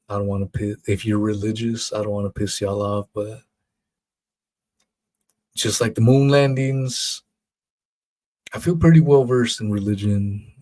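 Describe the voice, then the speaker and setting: A man's voice: lowish voice, darkish tone. A man hosting his own podcast, talking alone in a blunt, profane, rambling way. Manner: blunt, profane, rambling, mocks others in put-on voices. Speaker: podcast host. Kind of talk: casual solo monologue.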